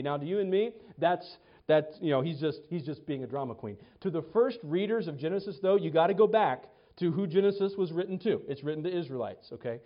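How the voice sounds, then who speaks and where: A man preaches a sermon in a slightly high voice, full of energy, stumbling over his words and repeating them. He acts out each quote as he reads it. The sound is dull and lo-fi. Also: expressive, quick pace.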